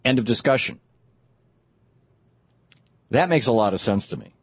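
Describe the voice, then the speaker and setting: A man's voice: medium pitch, animated, normal speed, slightly rough, dry recording, lo-fi sound. A man hosting a talk show, chatting about politics in a rambling, conversational way with many fillers and restarts. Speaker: talk radio host. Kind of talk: casual political commentary.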